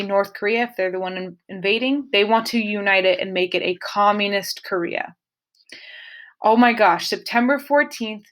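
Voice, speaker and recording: A woman's voice: medium pitch, a bit bright. A woman teaching a casual history lesson, talking to her students directly and adding playful, dramatic asides. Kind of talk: casual classroom lecture.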